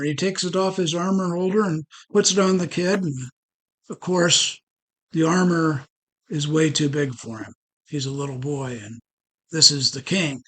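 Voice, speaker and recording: A man telling a motivational story at a networking meeting, animated and full of rhetorical questions. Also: on the high side, normal speed, low-quality recording.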